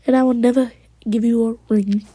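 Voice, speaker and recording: A woman's voice: a little high, steady tone, brisk, mellow, no room sound. A woman casually retelling a fan story, rambling and quoting characters, often slipping into a whisper.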